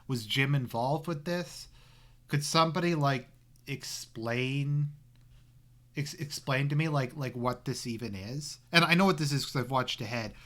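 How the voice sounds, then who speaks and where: A man's voice: medium pitch, measured pace, a bit bright. A man giving crude, sarcastic reaction commentary over a stream, rambling with fillers. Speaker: commentary YouTuber.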